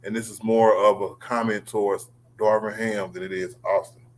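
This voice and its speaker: A man's voice: fairly low pitch, level tone, normal speed, slight background noise, poor audio. A man hosting a casual sports livestream, talking loosely with slang and calling on guests by name. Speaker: livestream host.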